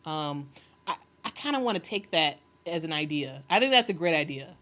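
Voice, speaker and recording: A woman with a slightly low voice chats casually on a livestream. She reads viewer comments aloud and rambles through fillers and restarts. She laughs often and bursts into enthusiasm. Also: animated, normal speed, a bit bright. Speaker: sports commentary host reading live chat.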